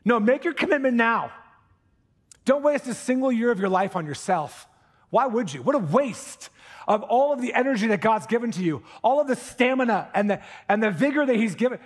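A man preaching a sermon from the pulpit, animated and earnest, dropping into hushed intensity for emphasis and tossing in casual jokey asides. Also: very high voice, normal speed. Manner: jokey asides with put-on accents. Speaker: pastor. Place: church sanctuary.

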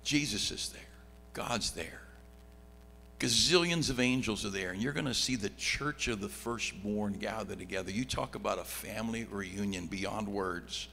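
A middle-aged pastor teaching a Bible study, reading scripture aloud and swinging from loud excitement to quiet asides. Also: male voice, lowish voice, normal speed, vocal fry, hardly any pauses. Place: church sanctuary. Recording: long hall reverb, faint background hum.

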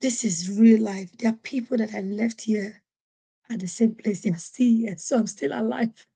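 Husky-voiced woman telling a story. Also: a little high, normal speed. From Nigeria. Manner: animated, acts out quoted voices. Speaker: podcast host. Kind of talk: storytelling monologue.

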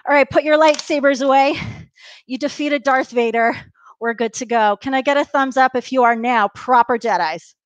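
A woman's voice: high voice, no echo. A woman leading a live workout class, upbeat and encouraging, counting down reps and a bit out of breath from exercising along. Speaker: fitness instructor.

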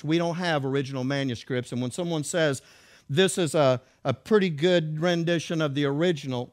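A man preaching a sermon in an emphatic way, reading verses aloud and repeating key words with rhetorical questions. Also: on the high side.

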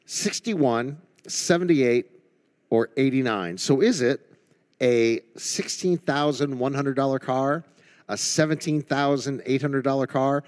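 A man hosting a television game show, brisk and friendly, keeping the game moving. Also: medium pitch, a little mellow. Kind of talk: upbeat studio hosting.

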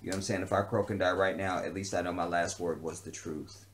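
A man's voice: low voice, steady tone, quick pace, slight background noise. Man ranting heatedly with blunt profanity. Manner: repeats himself for emphasis. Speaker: vlogger. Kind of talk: unscripted ranting monologue.

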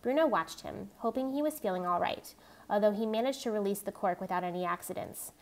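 A woman reading a novel aloud in a steady, even narrating voice. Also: mid-range voice, a little fast. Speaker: reader.

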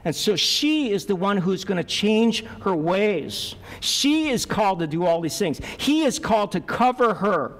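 A male pastor preaching a sermon, lively, acting out the voices of Bible figures as he goes. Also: high-pitched, long reverb tail.

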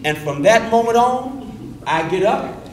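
A middle-aged man, a preacher leading a workshop, talking fast and animated, often repeating a word as he starts a thought. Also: very high-pitched. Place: indoor room with an audience. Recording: echoey room, distant mic, faint noise.

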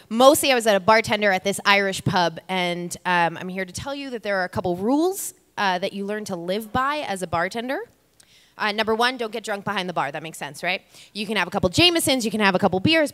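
Wry, bright-voiced woman telling a story. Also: mid-range voice, clean tone. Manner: chatty, wry, talks straight to the audience. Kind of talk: live comic storytelling. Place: stage before a live audience. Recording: long reverb of a live venue.

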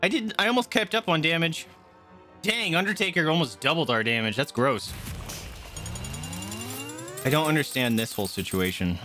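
A game streamer giving excited live commentary while playing, swearing often and squealing and yelping at the action. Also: medium pitch, moderate pace, pauses often. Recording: loud game music behind the voice.

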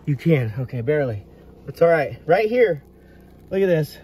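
A man prospecting in a hard rock mine, giving excited running commentary to his viewers as he works. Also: a little high, normal speed, slightly rough, distant mic. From United States. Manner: excitable, marvelling, talks to viewers.

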